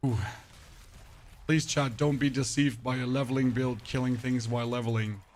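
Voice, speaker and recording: A slightly hoarse man giving casual, rambling commentary while streaming a game, joking with his chat. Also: mid-range voice, little pitch movement, normal speed, slight background noise. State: a bit hoarse.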